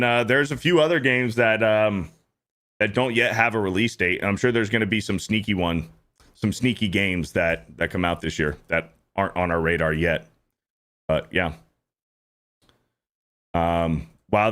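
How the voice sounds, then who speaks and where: A man's voice: deep voice, a bit bright. A man hosting a stream, giving casual reaction commentary in a blunt, profane, repetitive way. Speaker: streamer host.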